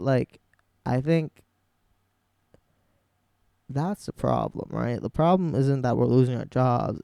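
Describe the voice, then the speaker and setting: A man musician in casual vlog talk, soft-spoken and rambling as he thinks aloud about his songwriting. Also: medium pitch, vocal fry, smooth, no echo.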